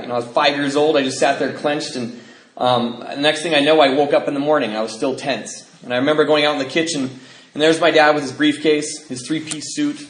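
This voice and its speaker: A middle-aged man speaking at a recovery convention, telling his own story in an animated way and acting out family members. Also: mid-range voice. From United States. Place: convention hall. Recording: echoey convention hall.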